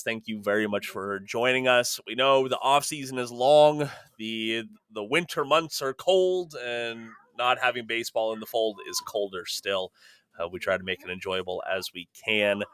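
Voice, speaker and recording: A male podcast host with a lowish, bright and crisp voice, talking up his show in an upbeat way. He sounds close to the mic in a dry, dead room. His delivery is casual and easy, with polished plugs between the chat. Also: no echo. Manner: upbeat, reads sponsor-style plugs smoothly.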